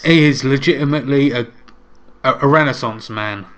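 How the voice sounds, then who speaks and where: A man's voice: mid-range voice, normal speed, a bit bright. A man co-hosting a podcast in casual chat, with dry, teasing humor. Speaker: podcast co-host. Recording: dull lo-fi mic.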